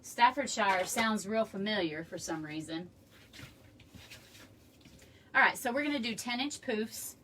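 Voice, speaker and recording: A woman's voice: medium pitch, lively intonation, measured pace, long pauses, sharp tone. Chatty woman from across the room. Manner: chatty, rambling, friendly asides to viewers. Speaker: craft tutorial host. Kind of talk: casual live craft tutorial. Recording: room mic from a distance, faint background noise.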